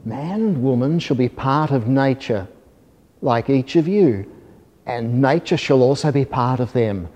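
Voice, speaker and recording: A man voicing a calm, kindly God. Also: mid-range voice, unhurried, highs cut off. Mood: solemn. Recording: long hall reverb.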